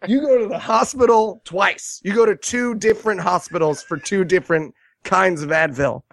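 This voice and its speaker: A man casually retelling a movie's scenes with sarcastic jokes, animated and quick to mock. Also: sits high, gravelly, no room sound. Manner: sarcastic, animated storytelling with quoted asides. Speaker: podcast co-host reviewing a movie. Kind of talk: casual comedic movie review chat.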